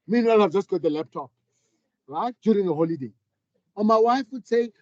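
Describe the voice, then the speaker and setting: This middle-aged man speaks with a fairly high but mellow, warm voice, telling his story in a candid, earnest way. The sound is dry and close, with a slightly dull, muffled quality. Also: animated, a little fast, pauses often, no room sound. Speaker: panel speaker, business leader. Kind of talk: reflective public talk.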